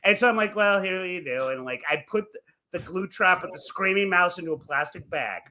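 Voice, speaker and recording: A young adult man co-hosting a podcast, telling crude stories in casual comedic chat, animated and laughing as he goes. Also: high voice, fairly quick, slight background noise. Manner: animated, swearing storyteller who laughs through his tales. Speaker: podcast co-host.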